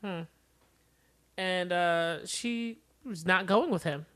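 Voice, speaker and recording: Woman calmly narrating a plot recap. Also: lowish voice. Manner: narrates plot in a measured, storytelling way. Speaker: podcast co-host. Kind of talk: casual recap chat.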